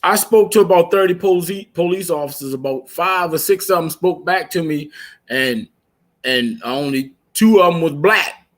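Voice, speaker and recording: A man's voice: a little high, normal speed. A man on a casual podcast, telling stories with lots of swearing and laughing as he goes. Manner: storytelling, profane, laughs while telling. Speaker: podcast co-host. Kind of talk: casual chat.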